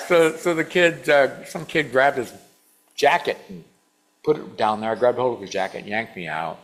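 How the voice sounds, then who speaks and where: A man's voice: medium pitch, animated, normal speed. A man in his sixties from Washington State, giving a storytelling sermon to a congregation, asking the audience questions and acting out his younger self. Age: 60s. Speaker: guest speaker.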